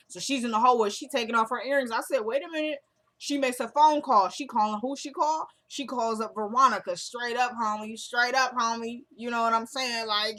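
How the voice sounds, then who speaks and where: A woman's voice: a little high, fairly bright tone. A chatty woman recapping a TV episode in casual talk, acting out the characters' lines as she goes. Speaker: recap vlogger.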